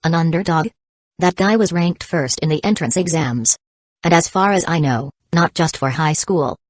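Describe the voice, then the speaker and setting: A woman's voice: low voice, moderate pace, dry recording. A woman reading as a blunt female teacher. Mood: matter-of-fact.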